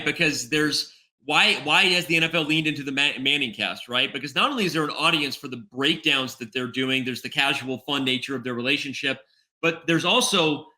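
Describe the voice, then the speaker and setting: A man's voice: on the high side, sharp tone. A middle-aged man talking as a guest on a podcast, in casual chat, thinking aloud and checking in with "right?" after his points. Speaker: podcast guest, chess executive.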